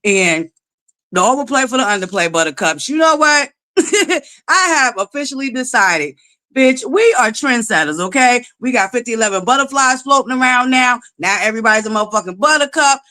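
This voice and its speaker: A woman's voice: a little high, fairly quick. A woman hosting a casual live stream, greeting her viewers in a sing-song way and talking sassy with plenty of swearing. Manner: sassy, animated, calls out rivals with profanity. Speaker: livestream host.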